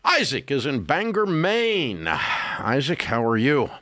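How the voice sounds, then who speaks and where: A man hosting a call-in advice radio show, folksy and animated. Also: takes it slowly, no echo. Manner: folksy and animated, with a booming energetic opening. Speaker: radio talk show host.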